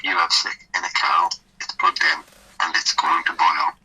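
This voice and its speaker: A man's voice: deep voice, level tone, normal speed, bright, forceful tone, slightly rough, low-quality recording. A man recalling a night out on a casual podcast, blunt and sweary. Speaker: podcast guest. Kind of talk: casual podcast chat over a call.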